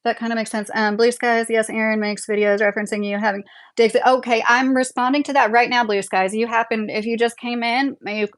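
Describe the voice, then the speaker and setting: A woman's voice: fairly high pitch, steady tone, a little fast. A young woman hosting a casual livestream from her home, reading viewer comments aloud, chatty and opinionated, laughing often. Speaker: livestream host. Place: home, a double-wide trailer.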